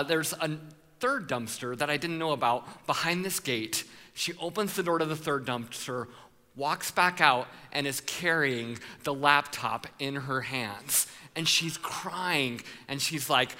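A man preaching a sermon, telling a story with animated voices for the people in it and calling out to the congregation. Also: a little high, big-room sound. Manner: playful with the congregation, calls for responses. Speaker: pastor.

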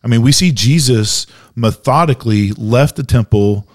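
Animated man in church talk. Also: mid-range voice, normal speed. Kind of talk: church podcast conversation.

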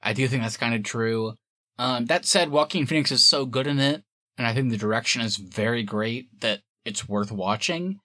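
A man hosting a podcast in casual chat, animated and quick to laugh. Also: mid-range voice, no room sound, clean studio sound. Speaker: podcast host.

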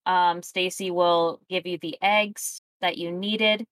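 A woman's voice: on the low side, fairly even intonation, slow pace, a bit bright, dry recording. A woman running a tabletop role-playing session, chatting casually and rambling with plenty of fillers. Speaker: game master. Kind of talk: casual tabletop game chat.

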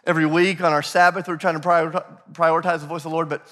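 A man preaching a sermon as pastor, energetic, repeating key phrases and prompting the congregation to call out answers. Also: a little high, very fast. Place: church sanctuary. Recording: echoey hall reverb.

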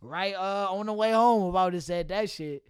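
A young man chats loosely on a casual podcast, cursing freely and breaking into laughter. His voice sits high and comes through smooth and clear. The sound is close and dry. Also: moderate pace, dry recording. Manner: loose, profane, laughs often. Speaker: podcast host and substitute teacher.

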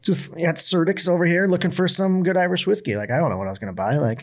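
This podcast host, a man with a slightly high voice, talks quickly and barely pauses. In casual conversation he tells stories with animation, acting out the voices and quotes of the people in them.

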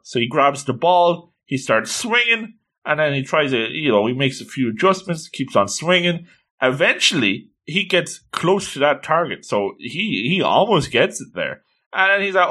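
A man recaps a comic in an enthusiastic, casual way and often exclaims in delight. His pitch moves a lot and his voice sounds bright and clear. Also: big pitch swings, moderate pace. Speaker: manga reviewer.

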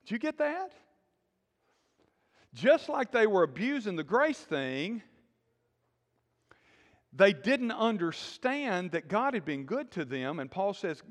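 A man preaching a sermon in a lively call-and-response style, with sudden loud bursts. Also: high voice, takes it slowly, long pauses. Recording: long hall reverb.

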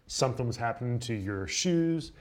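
Brief: young male ballplayer, mid-pitch voice, lively storyteller who laughs as he goes. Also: moderate pace. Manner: animated, laughing anecdote teller. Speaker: baseball pitcher, guest. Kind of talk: casual storytelling in an interview.

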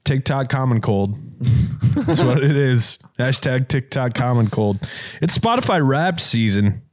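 A young man with a stuffy head cold spins loose, joking stories in casual podcast banter. His voice sits at an ordinary middle pitch. The sound is close and dry. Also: animated, unhurried, no echo. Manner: rambling, joking storyteller. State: has a cold, stuffy sinuses. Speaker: comedy podcast co-host.

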